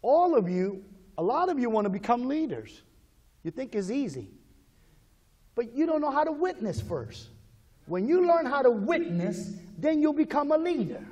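A man with a high-pitched voice delivers a sermon as pastor. He leads the congregation in call-and-response lines and swings between quiet, murmured prayer and loud, urgent exhortation. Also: very animated, moderate pace, highs cut off.

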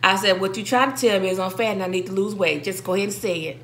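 A woman's voice: medium pitch, fairly even intonation, fast talker, fairly bright tone. A woman, chatting casually as she eats on camera, telling stories with laughing asides. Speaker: vlogger eating on camera. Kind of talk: casual mukbang chat.

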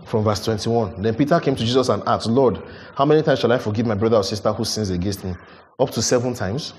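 A man preaching a sermon, animated, building to emphatic peaks and questioning his listeners. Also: lowish voice, fast, a little hiss or hum.

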